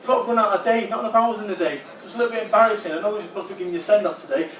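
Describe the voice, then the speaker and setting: A man's voice: high voice, rapid-fire, a bit bright. A man voicing an apologetic, evasive male company director on the phone, hesitant and full of ums. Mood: awkward apology. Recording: roomy hall, voice far from mic.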